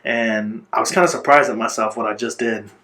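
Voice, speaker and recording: A man being interviewed, telling his own life story in an earnest, reflective way and pausing now and then to gather his words. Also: fairly low pitch, fairly even intonation, pushed and bright. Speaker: interview guest.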